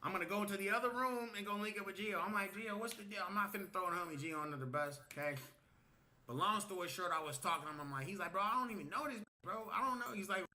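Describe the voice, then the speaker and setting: On a livestream, a man tells a story casually in a high-pitched, sharp voice, talking fast. He swears, acts out what people said, and ends lines with "okay?".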